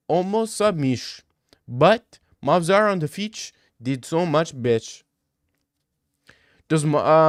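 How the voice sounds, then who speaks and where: Young guy streamer roasting chat, swears a lot, smooth voice. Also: fairly high pitch, dry recording, studio quality. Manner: joking, teasing, profane. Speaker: livestreamer reading chat. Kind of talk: casual crude stream banter.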